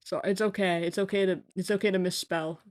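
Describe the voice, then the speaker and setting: A game streamer rambling through a late-night live session, cracking jokes and laughing at their own bits. Talks loosely to chat, in a mid-pitched, everyday voice. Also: steady tone, brisk. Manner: joking, rambling, laughs often.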